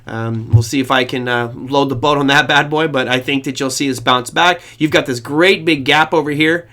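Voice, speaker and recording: A man's voice: medium pitch, fairly even intonation, normal speed, sharp tone. A man hosting a trading show, giving casual, rambling market commentary to his viewers with a self-deprecating touch.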